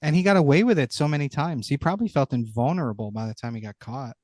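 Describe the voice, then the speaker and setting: A man's voice: medium pitch, quick pace, a little mellow, no room sound, studio quality. A man co-hosting a podcast in casual chat, making wry comments and wrapping up the episode. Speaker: podcast co-host.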